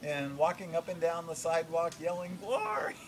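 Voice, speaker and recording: An older man from Vermont telling a childhood story to family, chuckling and animated as he goes. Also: fairly high pitch, fairly quick, noisy background. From Vermont, USA. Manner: chuckling, animated, laughs through his lines.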